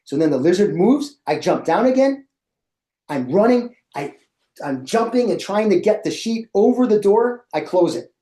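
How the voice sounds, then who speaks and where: Animated man telling a story, echoey room. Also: high voice, normal speed. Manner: animated, acts out his own past reactions. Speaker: presenter for educators. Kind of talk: storytelling in a presentation.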